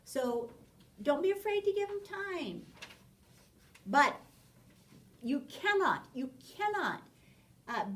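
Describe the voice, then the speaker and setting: A woman teaching a parenting class, lively, acting out short exchanges with children as she explains. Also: a little high, recorded from a distance, low-quality recording. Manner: animated, acts out little dialogues with children. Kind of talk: spoken class lecture.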